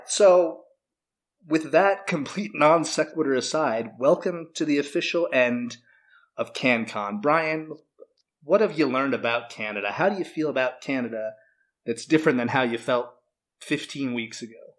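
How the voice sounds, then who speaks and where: A man's voice: medium pitch, moderate pace, fairly bright tone. A man co-hosting a podcast, telling a long crude joke in casual chat, rambling with fillers and frequent laughs. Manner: rambling storyteller, laughs often, filler-heavy. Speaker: podcast co-host.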